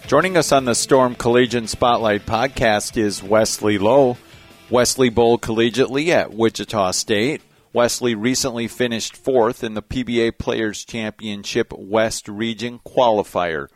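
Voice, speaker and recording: A man's voice: medium pitch, steady tone, measured pace, faint music behind. A man hosting a podcast, introducing a guest and asking loose questions with a few restarts. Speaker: podcast host. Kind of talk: interview hosting.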